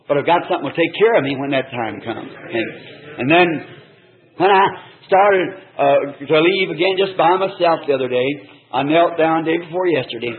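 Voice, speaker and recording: Earnest country preacher on tinny tape. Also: male voice, a little high. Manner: folksy, earnest storytelling in plain country speech. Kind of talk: sermon testimony. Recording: tinny lo-fi old sermon tape.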